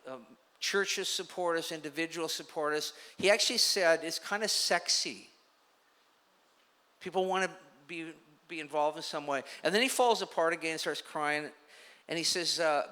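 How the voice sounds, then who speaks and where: Bright-voiced man preaching in a hall. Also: a little high, normal speed. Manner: conversational storytelling preacher. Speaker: pastor. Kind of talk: sermon. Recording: long hall reverb.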